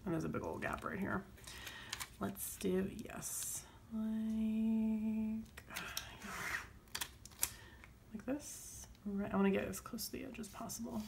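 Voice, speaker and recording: A woman's voice: medium pitch, normal speed, vocal fry, noisy background. A woman chatting casually and rambling while she works on her planner, full of fillers and self-deprecating asides. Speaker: planner vlogger.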